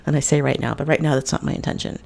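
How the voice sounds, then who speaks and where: A woman's voice: deep voice, fairly even intonation, fast, vocal fry, a little mellow. A woman hosting a podcast, telling a story in a blunt, profane, conversational way. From United States. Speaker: podcast host. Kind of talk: casual monologue.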